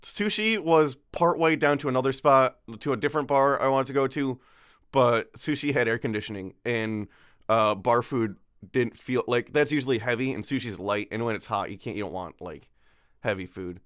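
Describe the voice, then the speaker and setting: A young man co-hosts a casual podcast, still groggy from just waking up, rambling, cutting himself off, and laughing easily. His voice is medium-pitched, a bit bright, and smooth at a moderate pace, recorded dry with clean studio sound.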